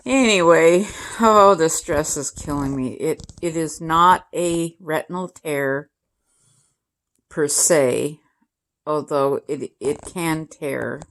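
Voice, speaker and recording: A woman's voice: sits low, slow. A woman in her sixties, a vlogger, chatting casually and telling family stories, laughing often as she goes. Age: 60s. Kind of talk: casual storytelling to camera.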